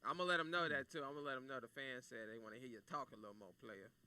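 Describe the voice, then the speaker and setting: A man co-hosting a comedy talk show, quick with wisecracks. He talks very fast in a bright, forward voice at an average pitch. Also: fairly even intonation. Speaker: co-host. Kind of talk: casual comedic chat.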